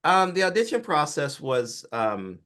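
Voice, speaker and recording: A film director from Georgia, a man, giving relaxed, explanatory interview answers about his career and work. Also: on the high side, unhurried. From Atlanta, Georgia, US.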